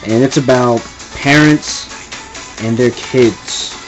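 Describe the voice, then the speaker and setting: An exasperated young man delivers a casual rant, wandering off track and circling back to his point. His voice sits at an ordinary middle pitch. Faint music plays underneath. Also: steady tone, slow pace, low-quality recording. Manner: exasperated, rambling, repeats himself. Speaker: vlogger ranting.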